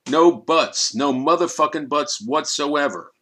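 A man voicing a gruff middle-aged male mob boss who talks bluntly and with a sneer, in an audiobook. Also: mid-range voice, a little fast, a bit bright, close to an everyday voice. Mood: urgent.

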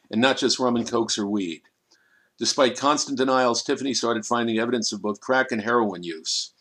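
A man reading a crime audiobook in a measured, dramatic storytelling manner. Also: mid-range voice, a bit bright. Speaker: narrator. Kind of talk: scripted audiobook narration.

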